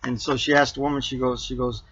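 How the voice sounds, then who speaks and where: Bright, rambling man hosting an RV vlog. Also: mid-range voice, flat delivery, fast, breathy edge, muffled recording. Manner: rambling, with many fillers and restarts. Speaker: RV vlog host. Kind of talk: casual joke-telling monologue.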